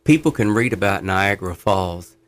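A man's voice: low-pitched, expressive, normal speed. A middle-aged man sharing his faith testimony in conversation, fervent and earnest, telling stories with laughs.

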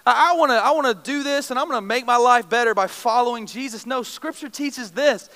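Man, young adult pastor, sermon, emotive storytelling, very high pitch, long reverb. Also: fairly bright tone. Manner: emotive, storytelling with self-deprecating humor. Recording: long reverb of a large hall.

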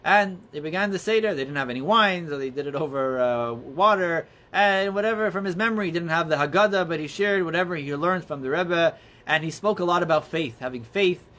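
A man earnestly telling religious stories as a teacher, in a halting, storytelling way. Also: on the high side, bright, forceful tone. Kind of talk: storytelling talk.

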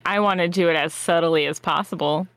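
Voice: medium pitch, steady tone, brisk, fairly bright tone, no room sound. A player in a tabletop role-playing game who jokes and teases.

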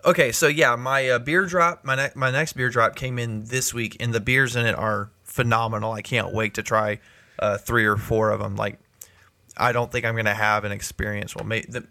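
A man's voice: mid-range voice, fairly even intonation, normal speed, sharp tone, dry recording. A man co-hosting a casual beer podcast, rambling and correcting himself as he talks. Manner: rambling, self-correcting, chuckling. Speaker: podcast co-host. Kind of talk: casual chat.

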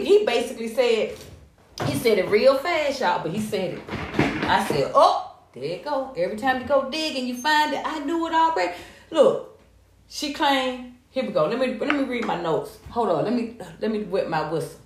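An American woman giving casual, sassy gossip commentary, animated and profane. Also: fairly high pitch, normal speed, slight background noise. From United States. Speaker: commentary vlogger. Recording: echoey room.

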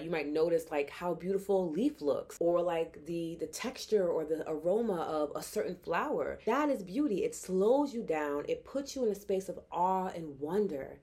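A young adult woman hosts a solo podcast in a casual, heartfelt way. Her voice sits a little low for a woman. She talks with earnest, expressive energy and drops the odd swear word. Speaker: podcast host.

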